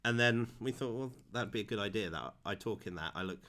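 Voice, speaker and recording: A man's voice: on the low side, fast talker, sharp tone. A young man, co-hosting a podcast with dry, understated remarks. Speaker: podcast co-host. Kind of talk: casual chat.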